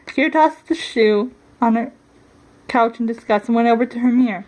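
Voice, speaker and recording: A woman's voice: fairly high pitch, normal speed, a little mellow, dull audio. A woman narrating a homemade doll story, reading casually with frequent restarts.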